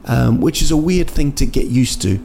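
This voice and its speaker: Gravelly New man rambling comically. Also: mid-range voice, lively intonation, moderate pace, mellow, slight background noise. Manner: rambling and jokey, with many restarts and fillers. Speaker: podcast host and comedian. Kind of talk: casual comic monologue. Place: indoors at night in a city.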